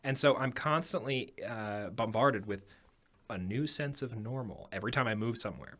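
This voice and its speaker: A man's voice: mid-range voice, normal speed, fairly bright tone. Thoughtful man, hesitant guest. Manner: thoughtful, hesitant, many ums. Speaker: podcast guest. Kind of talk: casual chat. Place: podcast studio. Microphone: studio microphone.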